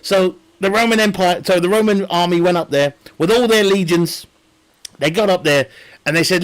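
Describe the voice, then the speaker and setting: A man's voice: high voice, normal speed. A man streaming a game, chatting casually in a rambling, joking way, laughing often and swearing. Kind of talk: casual live-stream chat.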